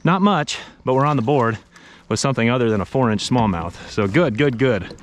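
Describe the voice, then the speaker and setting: A young man narrating his fishing trip outdoors on a river, tired from paddling, bursting into excited exclamations and talking to the fish. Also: medium pitch, brisk, a little hiss or hum. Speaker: fishing vlogger. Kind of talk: casual narration while fishing. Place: outdoors on a river, in a kayak and wading.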